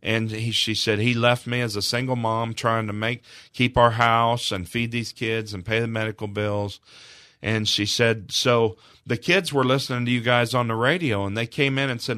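An earnest man tells an emotional story in a radio studio, often pushing his voice louder when it matters. The sound is dry and close, with a middle-pitched male voice. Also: steady tone, moderate pace, dry recording. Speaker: charity representative.

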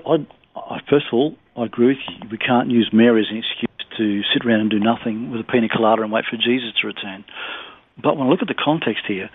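Male guest on a tinny phone line, husky, earnest and gentle, stumbling over repeated words. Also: medium pitch, dry recording. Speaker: ministry director, radio guest. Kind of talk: radio interview on faith.

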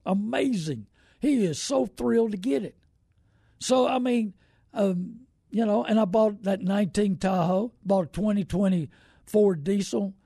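A middle-aged man talks through a casual live stream about buying cars, folksy and rambling. His voice sits high and is husky and mellow. The sound is dry and close. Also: no echo. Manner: folksy and rambling, greets viewers by name. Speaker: host of a car-buying show.

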